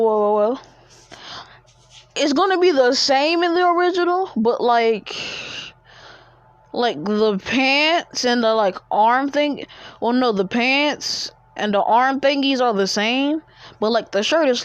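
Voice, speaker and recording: A woman's voice: fairly high pitch, dry recording. Rambling woman, dull lo-fi dry recording. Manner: rambling, full of fillers and restarts. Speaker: fan-fiction storyteller. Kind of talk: casual storytelling.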